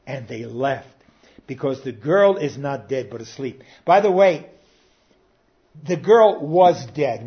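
Older male pastor preaching emphatically. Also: fairly high pitch. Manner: emphatic, swings from soft to loud. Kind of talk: sermon. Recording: dull lo-fi sound.

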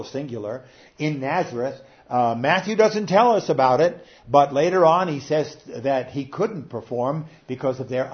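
A man preaching an expository sermon, emphatic and building to loud peaks, with rhetorical questions and hesitant fillers between phrases. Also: fairly high pitch. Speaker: pastor. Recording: dull lo-fi recording.

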